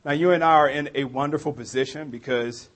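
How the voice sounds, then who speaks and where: A man from the New Orleans area with a New Orleans accent, preaching a sermon as a pastor in a relaxed, story-telling way. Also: a little high, fairly quick. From New Orleans area, USA.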